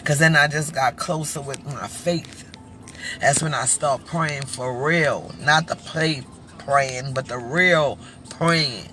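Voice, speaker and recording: A woman hosting her own live-stream talk show, talking heartfelt and preachy straight to her viewers, emotional, with halting restarts. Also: extremely low pitch, bright, forceful tone, soft background music.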